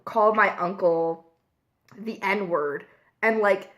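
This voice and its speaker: Young woman vlogger, slow and candid, emotional storytelling with lots of fillers. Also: medium pitch, fairly even intonation, a bit bright. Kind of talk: casual confessional vlog while eating.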